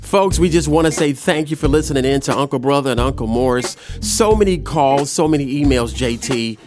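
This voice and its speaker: A man's voice: medium pitch, fairly quick, music in the background. A man hosting a radio show, playing a brother in a comedy skit with a preacher-like praying cadence.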